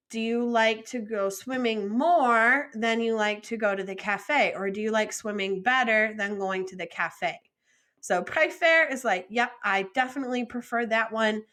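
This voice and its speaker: A woman teaching a recorded French lesson, modeling phrases slowly and clearly for students to repeat, with friendly encouragement. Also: a little high, sharp tone.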